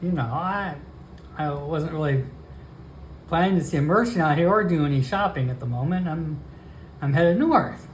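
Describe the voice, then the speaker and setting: A man's voice: fairly high pitch, normal speed, long pauses, slight background noise, close to an everyday voice. A man voicing a wary male hobgoblin traveler who speaks hesitantly and stumbles over his words. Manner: hesitant, stammering restarts.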